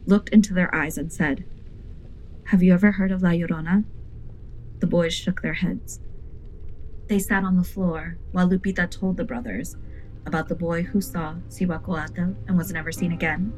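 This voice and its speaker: A woman with a fairly low voice narrates a scripted ghost story with earnest, vivid delivery. Soft guitar music plays faintly under her. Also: low-quality recording. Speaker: podcast host and narrator.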